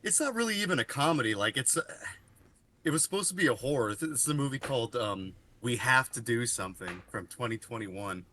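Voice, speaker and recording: A man's voice: mid-range voice, animated, a little fast, sharp tone, slight background noise. A man co-hosting a podcast, rambling through a story with lots of fillers and casual swearing. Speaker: podcast co-host. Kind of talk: casual chat.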